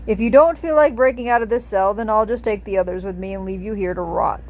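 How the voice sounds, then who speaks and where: A cold, disdainful female banshee, played by a woman reading a storybook game aloud. She talks in a curt, haughty way, as if everyone around her is slow. Mid-pitched, plain and direct. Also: darkish tone, natural voice, poor audio.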